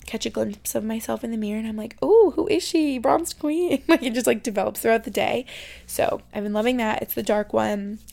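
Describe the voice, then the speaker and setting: A young woman in her twenties hosting a casual solo podcast from her bedroom, chatty, full of "like," sometimes dropping to a soft near-whisper. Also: a little high, gravelly. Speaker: podcast host.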